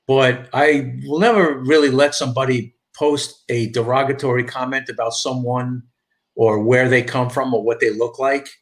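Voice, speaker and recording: A middle-aged man with a thick New York accent chats casually on his live stream. He rambles, stops and restarts his sentences, and reads out viewer comments as he goes. His voice sits at a middling pitch. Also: fairly even intonation, normal speed. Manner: rambling, repeats and restarts, reads chat aloud.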